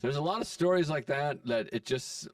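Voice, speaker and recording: A man's voice: fairly high pitch, moderate pace, dry recording, far from the mic. A man in his forties, a comedian guest, telling stories in casual chat and acting out quotes, with profanity. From Boston area. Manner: animated storyteller acting out quotes, swearing.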